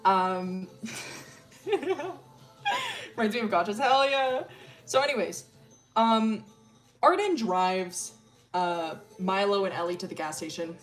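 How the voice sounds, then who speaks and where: A woman's voice: mid-range voice, sing-song, takes it slowly, long pauses. A young woman streamer casually telling a story, crude and chatty, often laughing. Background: faint music.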